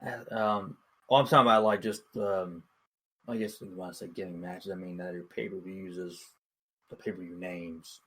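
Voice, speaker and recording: A young man co-hosting a podcast, chatting casually in an excitable, rambling way, full of fillers. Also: low-pitched, moderate pace, breathy edge. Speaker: podcast co-host. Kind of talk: casual chat.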